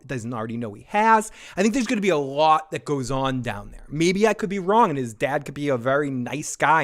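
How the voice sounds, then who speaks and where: A man's voice: medium pitch, fairly bright tone. A tipsy man hosting a live stream, rambling and swearing freely while he mocks himself. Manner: rambling, profane, self-mocking. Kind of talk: casual live-stream commentary.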